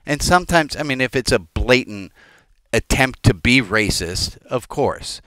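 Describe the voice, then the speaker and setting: A man's voice: mid-range voice, animated, a little slow, a bit bright, no room sound. A man who is a rabbi gives an informal teaching sermon, talking conversationally with the congregation, wandering off on tangents and making jokes. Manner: conversational, digressive and joking, addressing the congregation.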